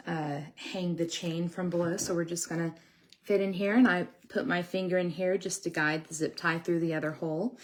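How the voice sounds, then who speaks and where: A sugar glider breeder hosts a casual live stream from home, chatting with her viewers and scolding her dogs while she builds a pet toy. Her voice is on the low side with vocal fry, and a slight hiss or hum can be heard.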